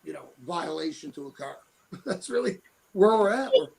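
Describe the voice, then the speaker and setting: A man's voice: fairly high pitch, animated, moderate pace, vocal fry, low-quality recording. A middle-aged man telling blunt, tough-talking stories as an interview guest. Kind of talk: casual interview talk.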